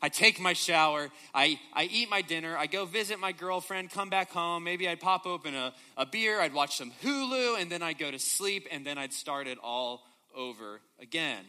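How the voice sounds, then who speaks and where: A young man delivers a sermon, pressing his listeners with rhetorical questions and storytelling. His voice sits high for a man, with a very bright, forceful tone. He speaks in an animated, conversational way. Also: normal speed, few pauses. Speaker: preacher.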